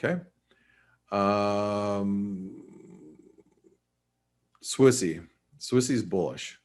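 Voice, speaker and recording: A man with a very deep, low voice hosts a live market webinar. He talks casually through chart levels, thinks out loud, and keeps stopping to correct himself. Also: extremely slow. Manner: conversational, thinking aloud with restarts and asides. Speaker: forex market analyst. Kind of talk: live trading webinar commentary.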